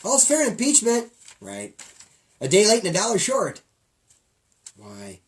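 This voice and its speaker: A middle-aged man co-hosting a casual comedy podcast, jokey and rambling, jumping from loud bits to low mumbles. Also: wildly swooping pitch, unhurried. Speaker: podcast co-host.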